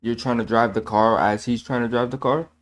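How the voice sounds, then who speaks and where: This man speaks at a medium pitch, a little fast, with fairly even intonation. As a channel host talking casually and earnestly about his faith, he repeats himself, fixes his own slips, and leans on fillers such as "man," coming across as earnest and preachy.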